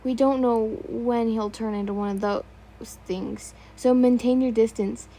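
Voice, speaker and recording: A soft-spoken, protective young man who reassures and soothes, as a woman voices him while reading a story. His voice is light and high, earnest in tone, and mellow rather than sharp. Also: fairly even intonation, unhurried.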